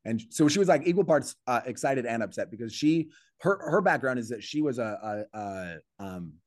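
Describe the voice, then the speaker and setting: A male comedian spins a story in an easygoing podcast chat, jumping up in pitch whenever he acts out what someone said. His phrases restart and pile up as he thinks aloud. The sound is dry and close, with no room around it. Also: normal speed, dry recording. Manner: animated storyteller acting out quoted voices, with many restarts. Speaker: comedian guest. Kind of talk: casual storytelling in a podcast interview.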